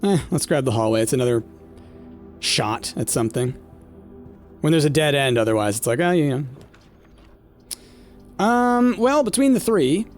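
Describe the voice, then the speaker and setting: A man casually commenting on his gameplay, thinking aloud with lots of fillers and talking to his chat. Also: a little high. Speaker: gameplay streamer. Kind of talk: casual let's-play commentary.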